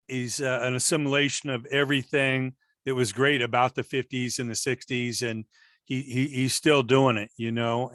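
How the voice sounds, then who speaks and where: A man's voice: mid-range voice, fairly bright tone, no echo. A man hosting a casual music interview, asking long, rambling questions full of filler phrases.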